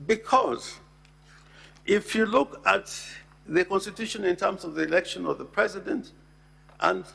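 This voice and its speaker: A man argues formally before a Senate chamber in a high voice. He speaks slowly and deliberately, leaning on each word he stresses. His voice has a gravelly edge. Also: pushed and bright. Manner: deliberate, emphatic, reads legal text aloud. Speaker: counsel addressing the Senate. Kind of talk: formal legal address.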